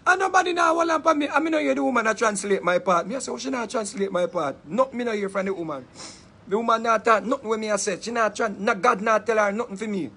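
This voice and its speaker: Jamaican man with a high voice, lively and dramatic casual storyteller in thick patois. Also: quick pace, husky. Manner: animated, laughing often, patois-heavy, dramatic retelling. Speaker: interviewee telling a story.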